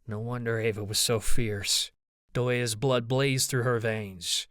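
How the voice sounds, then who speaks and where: Guy narrating a fantasy audiobook, first person, smooth resonant voice, dry close sound. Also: medium pitch, fairly even intonation, takes it slowly, a bit bright, dry recording.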